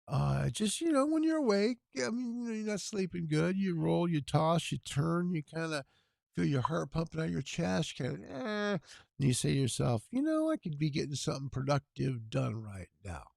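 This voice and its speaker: Gravelly tired man hosting a livestream. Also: on the high side, big pitch swings, normal speed, a little mellow, no echo, studio quality. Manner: earnest, preachy, gravelly. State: hoarse, tired voice. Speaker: livestream telethon host. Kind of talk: casual livestream talk with prayer.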